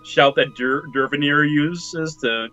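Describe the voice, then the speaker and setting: A man with a Minnesota accent talks in a halting, easygoing way about game mods, often chuckling as he goes. His voice comes over slightly dull, muffled call audio with faint music underneath. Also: on the high side, pushed and bright. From southern Minnesota. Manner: halting, laughs at own stories. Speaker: guest, mod user. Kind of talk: casual chat.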